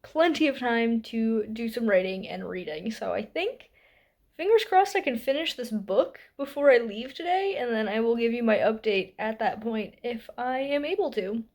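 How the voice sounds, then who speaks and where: A young woman in her twenties vlogging from home about her reading, chatty and upbeat, with little laughs and quick asides. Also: on the high side, animated, darkish tone. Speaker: book vlogger. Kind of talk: casual reading vlog. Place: at home, indoors.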